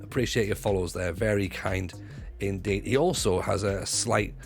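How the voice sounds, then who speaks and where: A former stand-up comedian, now a livestreamer, keeps up casual, jokey chat with his viewers, swearing freely and restarting sentences. His voice is on the low side and creaky at a moderate pace, with faint music behind.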